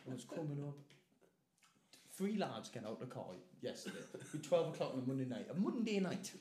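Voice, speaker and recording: A man's voice: mid-range voice, sing-song, brisk, warm tone. A man with a Geordie accent co-hosting a podcast, telling sweary stories and laughing mid-sentence. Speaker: podcast co-host. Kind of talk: casual podcast banter. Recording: echoey room with faint noise.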